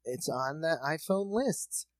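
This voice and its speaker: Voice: medium pitch, animated, slow pace, no room sound. A podcast co-host telling a casual rambling story, swearing freely. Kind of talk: casual chat.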